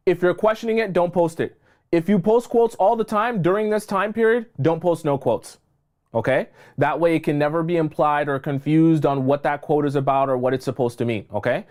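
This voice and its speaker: A man's voice: a little high, normal speed, a little mellow. Emphatic male dating coach. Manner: emphatic, repeats points, checks in with "okay?". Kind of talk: livestream advice talk.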